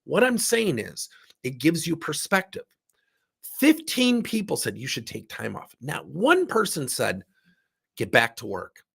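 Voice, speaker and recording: A man's voice: a little high, wildly swooping pitch, a little slow, gravelly, fairly bright tone, husky. A man coaching in a recorded workshop talk, sick with a strained voice, speaking in an emphatic, candid way while seated indoors. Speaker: business coach.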